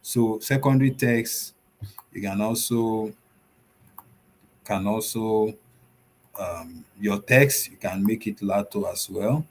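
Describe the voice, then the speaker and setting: A man's voice: fairly low pitch, takes it slowly, long pauses. A man teaching web design in a screen-share tutorial, walking through the steps one by one, repeating himself and using many fillers.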